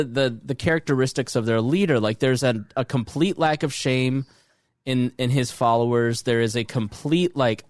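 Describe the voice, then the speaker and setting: A man co-hosting a podcast in casual chat, rambling and animated, swearing freely. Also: medium pitch. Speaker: podcast co-host.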